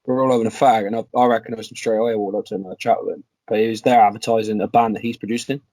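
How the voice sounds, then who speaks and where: A man's voice: on the low side, steady tone, rapid-fire, warm tone, no echo. A young man telling a story casually on a podcast, rambling and swearing. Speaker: podcast co-host.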